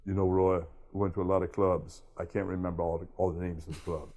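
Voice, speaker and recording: A towering male basketball star, put on by a man telling a story, answering in a flat, offhand drawl. The voice sits a little low. It stays close to the storyteller's own speech. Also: fast.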